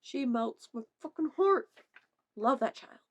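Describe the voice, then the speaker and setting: A woman's voice: high-pitched, lively intonation, a little slow. A young woman vlogging casually, laughing often, swearing and putting on playful silly voices. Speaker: vlogger reacting to memes. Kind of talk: casual chat.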